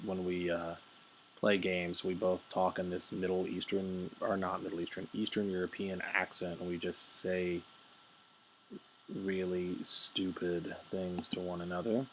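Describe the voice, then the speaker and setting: Brief: casual game commentator, male, very low gravelly voice, rambling and jokey. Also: level tone, measured pace, slight background noise. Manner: rambling, jokey, many fillers and asides.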